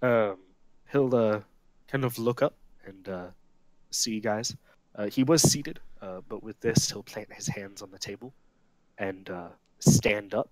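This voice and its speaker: Guy running a tabletop game, lowish voice, lots of uhs, dry sound with no room in it. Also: no echo. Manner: halting, frequent "uh" fillers. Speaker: game master.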